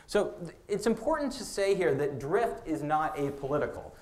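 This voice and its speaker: A man giving a public lecture on policy, his voice sitting a little high for a man. He talks haltingly, restarting phrases and filling the gaps with "uh" and "um". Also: lively intonation. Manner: halting, with many restarts and fillers.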